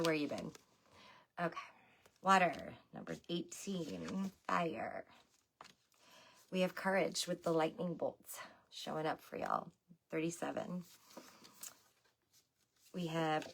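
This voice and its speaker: A woman's voice: deep voice, vocal fry, a bit bright, slight background noise. A woman giving a loose, chatty tarot reading to her viewers, talking to them as y'all. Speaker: tarot reader. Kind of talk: casual livestream tarot reading.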